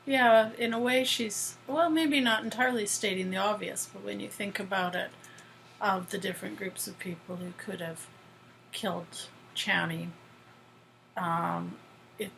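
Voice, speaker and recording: A woman's voice: mid-range voice, fairly even intonation, measured pace, gravelly, a bit bright, a little hiss or hum, low-quality recording. A woman co-hosting a podcast, musing thoughtfully and agreeably about TV episodes. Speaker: podcast co-host. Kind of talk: casual recap chat.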